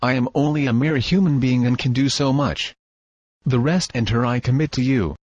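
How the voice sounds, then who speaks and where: A man reading the part of a grieving, tender old grandfather in a storybook, husky and solemn. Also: medium pitch, normal speed, darkish tone, dry recording, highs cut off, natural voice. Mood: sorrowful.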